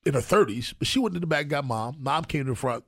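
A man's voice: fairly high pitch, lively intonation, fast talker, no room sound, clean studio sound. A male radio morning show host, telling a story with mock exasperation in casual banter.

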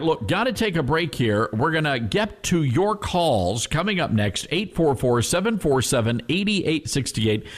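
A man hosting a talk radio show, speaking in a folksy, emphatic way and repeating phrases for effect. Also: on the high side. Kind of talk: conservative talk radio monologue.

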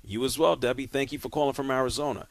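A man hosting a sports talk radio show, speaking casually and directly and moving callers along briskly. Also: mid-range voice, fairly even intonation, gravelly, no room sound.

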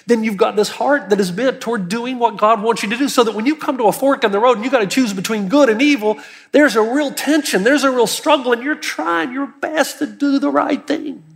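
A man's voice: very high-pitched, vocal fry. A male pastor preaching an earnest, emphatic sermon, lifting his voice on key words. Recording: long hall reverb.

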